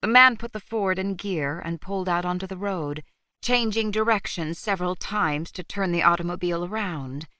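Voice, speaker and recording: A woman reading a novel aloud as audiobook narrator, in a steady, measured storytelling manner. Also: lowish voice, dry recording. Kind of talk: scripted narration.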